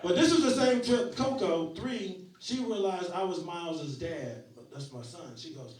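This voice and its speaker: A man in his forties works a small club with a profane stand-up set, slipping into voices for the people in his stories. His voice sits fairly high. The sound is very echoey and picked up from a distance, with the audience laughing throughout. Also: expressive, moderate pace, hardly any pauses, darkish tone. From Rochester, New York. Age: 40s. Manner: profane storytelling with acted-out quotes. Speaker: stand-up comedian.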